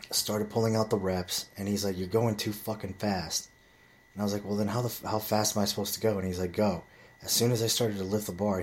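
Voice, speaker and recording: Casting: deep-voiced man, casual vlogger, swears freely, loose rambling delivery. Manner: rambling storytelling with heavy swearing. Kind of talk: casual monologue to camera.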